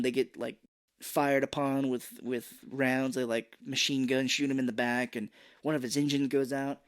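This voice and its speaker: A man co-hosting a casual movie podcast, retelling scenes and dropping into quick impressions of the characters. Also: medium pitch, clean tone. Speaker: podcast co-host.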